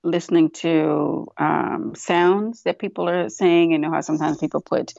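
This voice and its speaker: A woman's voice: deep voice, fairly even intonation, moderate pace, vocal fry, a little mellow, no room sound, lo-fi sound. A woman co-hosting a casual podcast discussion, chatty with many fillers, acting out quoted voices as she explains. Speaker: podcast co-host.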